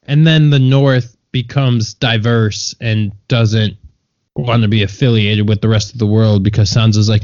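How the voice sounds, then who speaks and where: Blunt ranting man, lowish voice. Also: fairly even intonation, measured pace, a little mellow, no room sound, highs cut off. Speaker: podcast co-host. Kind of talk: casual chat.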